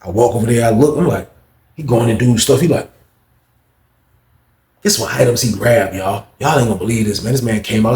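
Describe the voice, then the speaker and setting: A man telling a story casually, animated and slangy, acting out the people in it. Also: medium pitch, fairly quick, pauses often. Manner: animated, slangy, voices characters. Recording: roomy echo.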